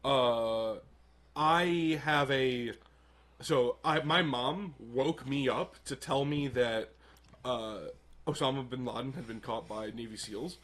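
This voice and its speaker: A man's voice: medium pitch, takes it slowly, a bit bright. A young man in his twenties hosting a casual podcast chat, telling a story with much laughter and acting out what people said. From Detroit area. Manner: laughing storyteller, acts out quotes. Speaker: podcast host.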